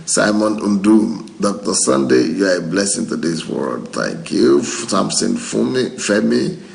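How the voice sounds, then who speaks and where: A low, gravelly male voice, a pastor chatting loosely as he works through viewer comments. He laughs easily and often between the names he reads. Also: expressive, measured pace, a little hiss or hum, low-quality recording. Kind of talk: reading out viewer comments and responding.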